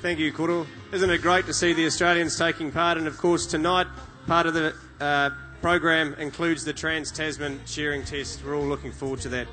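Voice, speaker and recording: A man's voice: a little high, level tone, normal speed, sharp tone, faint music behind. A man hosting a prizegiving, formal announcements mixed with friendly banter.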